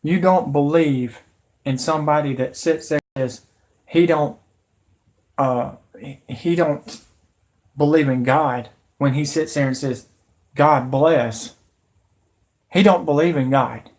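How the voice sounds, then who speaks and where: A man's voice: on the high side, a little slow, pauses often, darkish tone. A man in his late thirties hosting his own channel, delivering a heated, repetitive, confrontational political rant. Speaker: channel host.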